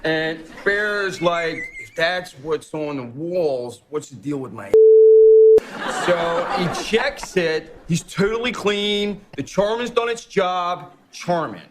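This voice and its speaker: A man's voice: a little high, animated, takes it slowly, few pauses. Laid-back man in a noisy sketch clip. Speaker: sketch comedy performer. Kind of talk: comedy sketch commercial pitch.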